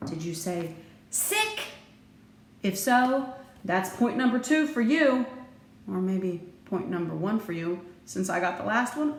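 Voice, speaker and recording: A woman teacher giving a recorded phonics lesson, slow and deliberate, playful, with sudden lively jumps in her voice. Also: medium pitch. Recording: echoey room with faint background noise.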